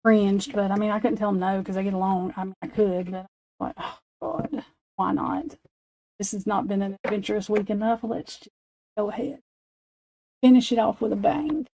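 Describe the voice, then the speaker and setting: A woman's voice: medium pitch, moderate pace, vocal fry, mellow, no echo, rough recording. A woman in her forties chatting casually on a late-night stream, telling rambling, profane stories and laughing often. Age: 40s. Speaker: livestream host.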